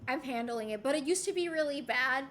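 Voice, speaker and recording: Young woman, streamer, casual chat, high pitch, faint background hiss. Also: expressive, brisk. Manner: candid, swears freely, rambling with restarts. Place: home.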